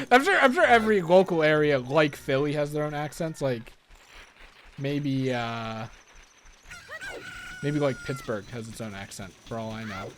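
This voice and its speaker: This let's play gamer is a young man from Philadelphia whose accent comes through as he chats loosely about his gameplay, thinking out loud and constantly restarting or filling gaps. He talks a little slowly in a higher-leaning voice, with a slight hiss or hum on the recording.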